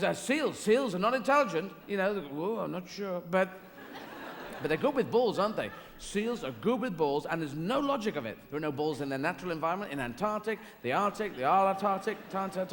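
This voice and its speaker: A man's voice: sits high, background noise. Rambling stand-up man in echoey hall. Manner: rambling, playful, tangents and restarts. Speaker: stand-up comedian. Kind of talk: live stand-up comedy. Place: large theater stage. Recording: echoey live hall with audience. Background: audience laughter.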